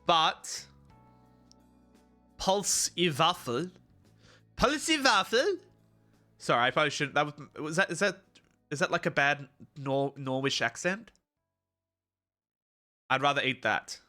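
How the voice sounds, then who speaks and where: A young male streamer whose voice sits a touch high and rings with a very bright, cutting tone. He talks loosely to his chat, swears freely and launches into mock-heroic rants. It sounds close and direct, like a desk microphone at home. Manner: ranting, profane, mock-heroic outbursts. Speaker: livestreamer. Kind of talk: casual live-stream chat.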